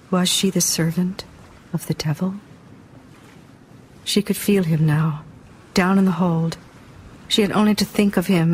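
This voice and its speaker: A woman narrating an audiobook in a measured, dramatic reading style. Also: lowish voice, a little mellow, a little hiss or hum.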